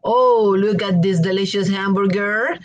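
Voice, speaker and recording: A woman's voice: mid-range voice, low-quality recording. A woman teaching an English class online, quizzing students with spoken multiple-choice questions. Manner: slow, clear, lively questions with options.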